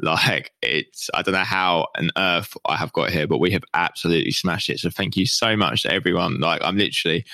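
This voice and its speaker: A young British man rambles on his own podcast, hyped and swearing freely, with a slight lisp and a touch of whine. His voice sits low but sounds bright and forward. The recording is dry and close, with no room sound. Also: brisk, creaky, few pauses, dry recording. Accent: British English. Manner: excited and sweary, calls his own voice a bit whiny. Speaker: podcast host. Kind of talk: rambling solo podcast chat.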